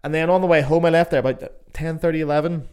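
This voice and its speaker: A man's voice: on the high side, steady tone, fast, a little mellow, clean tone. An Irish man hosting his own podcast in casual, chatty talk, jokey and sprinkled with swearing. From Ireland. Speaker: podcast host. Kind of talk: casual solo podcast chat. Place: home in Germany.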